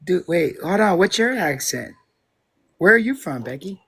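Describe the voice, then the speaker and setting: A man's voice: sits high, expressive, moderate pace, fairly bright tone, slightly rough. Joking, foul-mouthed man on a live stream. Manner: joking, swears often, laughs at himself. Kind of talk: casual chat on a live stream.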